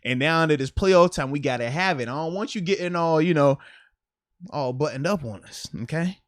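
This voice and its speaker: A man co-hosting a casual sports podcast, playful and animated, laughing often as he talks. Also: on the high side, normal speed, dry recording, clean studio sound. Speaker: podcast co-host.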